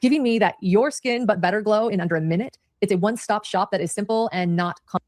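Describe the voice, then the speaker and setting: A woman co-hosting a true crime podcast, chatting briskly and reading an ad. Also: mid-range voice, darkish tone, no room sound, studio quality. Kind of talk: podcast chat and read ad.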